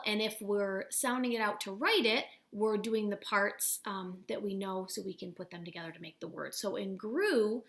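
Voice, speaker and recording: A woman with a bright, clear voice, teaching a recorded spelling lesson from home. She speaks patiently and encouragingly, sounding words out part by part. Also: mid-range voice.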